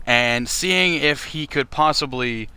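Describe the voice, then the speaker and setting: A man's voice: mid-range voice, takes it slowly, sharp tone, clear, resonant tone. A man from Canada hosting a charity livestream who talks in a crude, joking, rambling way. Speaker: livestream fundraiser host. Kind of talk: casual livestream chat.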